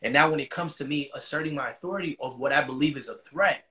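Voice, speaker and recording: A man's voice: medium pitch, fast talker, sharp tone. A man as an interview guest, retelling a story in casual, profane slang.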